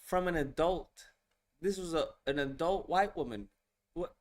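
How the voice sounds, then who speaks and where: A man's voice: on the high side, a little slow. A man hosting a reaction video, giving casual commentary and exclaiming in disbelief as he repeats himself.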